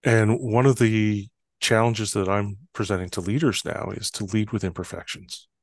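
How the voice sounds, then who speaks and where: A man, a guest on a podcast, speaking in a calm, measured way about building trust. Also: lowish voice, no room sound. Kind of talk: reflective conversation.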